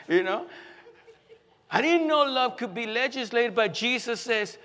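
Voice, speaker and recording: High-ish guy preaching, chatty style, keeps repeating himself for emphasis, big echoey church hall. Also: animated, moderate pace, bright, forceful tone. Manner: conversational, repeats phrases for emphasis, many fillers. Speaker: pastor. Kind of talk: sermon. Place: church sanctuary. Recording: long hall reverb.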